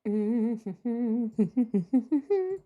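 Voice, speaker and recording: A woman's voice: fairly high pitch, big pitch swings, extremely slow, narrow, tinny audio. Sarcastic giggly woman streamer. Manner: sarcastic, giggly, talks to chat. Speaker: true crime livestream host. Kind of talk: casual reactive commentary.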